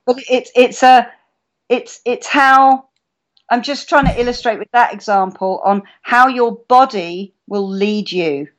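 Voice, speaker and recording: A woman's voice: a little high, a little slow, dull audio. A woman chatting casually on a live stream, telling stories and acting out her own reactions. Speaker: guest speaker.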